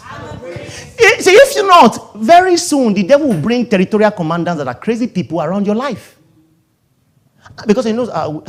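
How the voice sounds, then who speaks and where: A man preaching a sermon, switching between loud calls to the congregation, low asides and laughter. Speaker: pastor.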